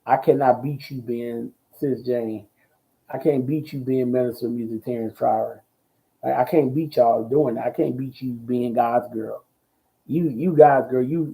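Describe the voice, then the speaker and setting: Ministry talk host, male, bold and loud, heavy on slang and repetition, low gravel in the voice. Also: poor audio. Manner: answers viewer comments. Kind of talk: casual preaching talk.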